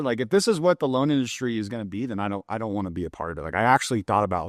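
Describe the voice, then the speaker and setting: A man's voice: lowish voice, rapid-fire, few pauses, no room sound, clean studio sound. A young man, a loan officer, talking loosely and candidly in an interview, with plenty of filler words. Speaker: mortgage loan officer, podcast guest. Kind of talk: casual conversational interview.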